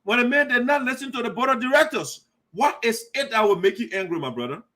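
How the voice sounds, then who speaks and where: A man's voice: extremely high pitch, animated, quick pace, pushed and bright. A man hosting a live online talk show, arguing passionately with callers and repeating his points. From Liberia. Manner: impassioned, repetitive, argumentative. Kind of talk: live call-in commentary.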